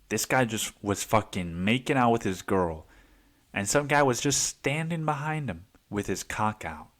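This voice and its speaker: A male podcast host rambles through a wild story in a loose, casual monologue. He swears at every turn and tags nearly every phrase with "dude." His voice sits at an ordinary middle pitch and gets animated as the story heats up. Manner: profane and excitable, says "dude" constantly.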